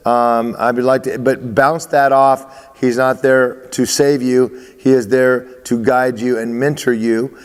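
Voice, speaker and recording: A male baseball coach speaking emphatically to his athletes, driving each point home by repeating it. His voice sits at an ordinary middle pitch. The room adds a long, lingering reverb. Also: level tone, unhurried, few pauses, clear, resonant tone. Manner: emphatic, repeats phrases, restarts.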